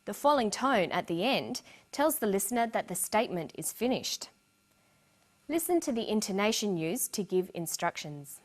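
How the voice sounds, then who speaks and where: A woman narrating a scripted English lesson with slow, clear explanations. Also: medium pitch, sing-song. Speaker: English teacher.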